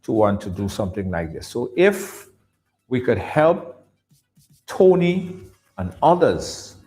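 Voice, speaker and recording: A man hosting a live talk show, closing with energetic announcements and repeating details for viewers. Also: lowish voice. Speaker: show host. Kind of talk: live show sign-off and promo.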